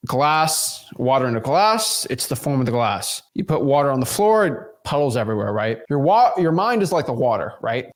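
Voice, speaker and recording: Emphatic man giving a motivational talk. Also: fairly high pitch. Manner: emphatic, repeats words, addresses viewers as y'all. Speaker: real estate investing YouTuber.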